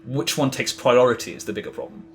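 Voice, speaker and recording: A man's voice: mid-range voice, very animated, quick pace, slight background noise. A man chatting casually as a podcast guest, rambling with lots of fillers and restarts. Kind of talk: casual interview chat.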